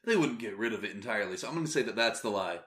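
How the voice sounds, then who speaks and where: A man co-hosting a podcast in casual chat, laid-back and quick to laugh. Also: fairly low pitch, expressive, a bit bright, reverberant. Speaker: podcast co-host.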